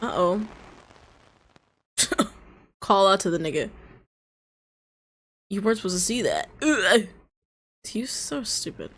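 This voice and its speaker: A woman's voice: mid-range voice, very animated, a little slow, long pauses, breathy edge. A woman streaming visual novels, reacting with frequent laughter and swearing and reading the game's lines aloud. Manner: laughs often, swears freely, reacts loudly. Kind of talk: casual gameplay commentary, reading dialogue aloud.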